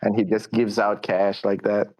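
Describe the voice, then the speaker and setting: A man's voice: on the low side, level tone, moderate pace, a little mellow, poor audio. Chatty young man, hedging. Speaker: podcast co-host. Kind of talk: casual chat.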